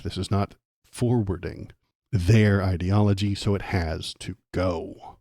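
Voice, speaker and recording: A man's voice: lowish voice, unhurried, warm tone, no echo, studio quality. A man streaming political commentary, reading a document aloud and mocking it with sarcastic, angry asides and frequent stumbles. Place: home streaming setup.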